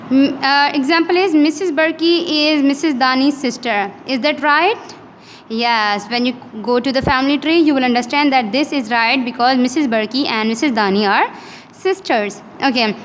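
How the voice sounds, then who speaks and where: A woman English teacher with a Pakistani accent, giving an online class lecture and drilling words slowly and patiently. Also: sits high, in a large hall, a little hiss or hum. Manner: slow, repeats each word in careful drills, patient and instructive.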